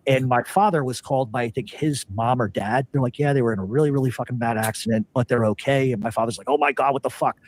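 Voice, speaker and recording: A man's voice: mid-range voice, fast, hardly any pauses, darkish tone. A man telling a rambling, profane story in a casual way.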